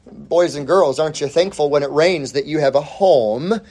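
A man preaching an expository sermon, reading scripture and then teaching from an outline, with deliberate phrasing that lets the ends of phrases sink low and soft. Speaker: pastor.

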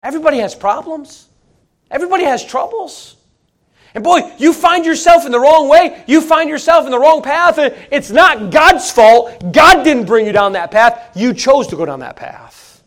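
A man preaching a sermon in an animated, emphatic, folksy way, with repeated phrases and sudden swings between loud and soft. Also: extremely high pitch, moderate pace.

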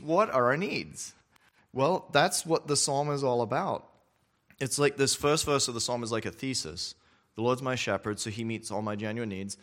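A pastor with a medium-pitched, fairly bright voice preaches a sermon conversationally. He often checks in with listeners through quick questions and repeats words as he restarts his phrases.

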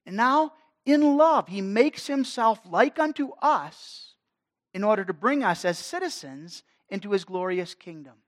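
A man's voice: sits high, expressive, measured pace. Man preaching a sermon with rising force. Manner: dynamic preaching, swelling and dropping in force. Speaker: pastor.

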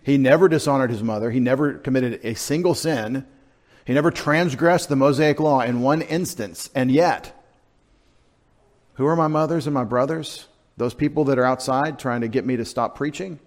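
Man, middle-aged pastor, conversational sermon, wry quiet asides, mid pitch. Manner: conversational, self-deprecating preaching with sudden quiet asides.

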